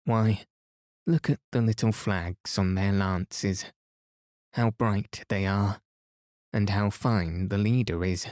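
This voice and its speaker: A man's voice: fairly low pitch, steady tone, takes it slowly, a little mellow, no room sound, clean studio sound. A man voicing an eager young girl who coaxes her siblings cheerfully, in a bedtime storybook reading. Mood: coaxing. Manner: coaxing, cheerful.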